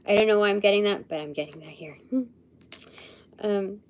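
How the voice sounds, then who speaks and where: A woman's voice: medium pitch, moderate pace, a little hiss or hum. A woman hosting a live intuitive session, musing and hesitant as she thinks aloud, sometimes dropping to a murmur or whisper. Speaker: livestream host.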